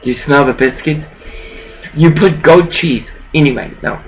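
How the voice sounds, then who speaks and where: A woman's voice: deep voice, a little slow, slight background noise, low-quality recording. An older woman delivering a rambling, profane vlog rant, dropping in Spanish words here and there.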